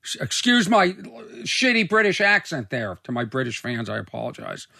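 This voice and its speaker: A man's voice: mid-range voice, sing-song, normal speed, gravelly, pushed and bright, no room sound, clean studio sound. A man hosting his own podcast as a comedian, rambling loosely, swearing freely and mocking himself. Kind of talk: casual rambling monologue. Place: recording studio.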